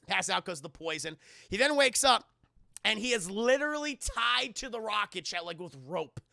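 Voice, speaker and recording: Gravelly, excitable man recapping a movie. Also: high voice, no room sound, clean studio sound. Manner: profane, excitable, acts out scenes in quick funny voices. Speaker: movie reviewer streaming to chat. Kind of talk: animated spoiler recap with chat.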